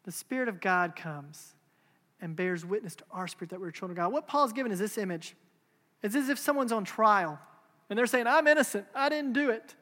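A man's voice: high-pitched, a bit bright. A man in his thirties preaching a sermon, earnest and emphatic, with repeated phrases and rhetorical questions. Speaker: pastor. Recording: long hall reverb.

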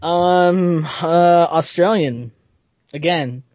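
A man's voice: fairly high pitch, drawn-out words, darkish tone, no room sound, muffled recording. A man teasing and laughing as a panelist on a casual podcast.

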